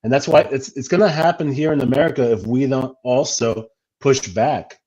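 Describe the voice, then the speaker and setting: A man's voice: mid-range voice, normal speed, a little mellow. Earnest man on dull lo-fi audio. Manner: earnest, with many fillers and restarts. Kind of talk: casual livestream chat.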